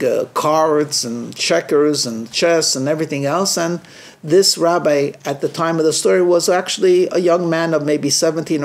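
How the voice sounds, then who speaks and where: A man with a high voice tells a story from the pulpit as a rabbi. He talks with animation and slips into the voices of the people in his story. His delivery is that of a weekly storytelling sermon. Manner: lively teller who acts out quoted speech.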